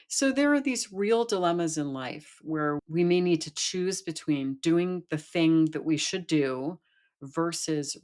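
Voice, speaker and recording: A middle-aged woman, a podcast guest, telling a fairy tale and reflecting on it thoughtfully, often restarting phrases. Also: low voice. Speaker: guest, Jungian analyst and author. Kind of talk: podcast interview, storytelling.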